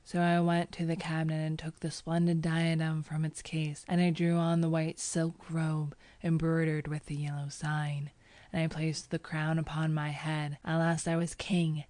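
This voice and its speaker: A woman reading a first-person audiobook in a measured, even manner. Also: low voice, dry recording. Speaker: audiobook narrator.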